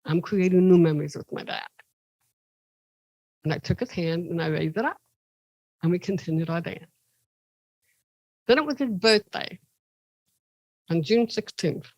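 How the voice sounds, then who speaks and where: A woman's voice: dry recording, poor audio. A woman from Ohio, a podcast guest, telling personal stories animatedly and acting out the voices of the people in them. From Ohio, USA. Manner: animated, acts out quoted voices with big pitch jumps. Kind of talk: personal storytelling.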